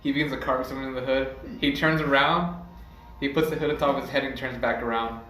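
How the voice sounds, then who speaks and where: Guy dm'ing a tabletop game, rambly, bright voice, echoey room, mic far off. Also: mid-range voice, fairly even intonation, fast, soft background music. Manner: loose, rambling with many fillers. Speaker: game master.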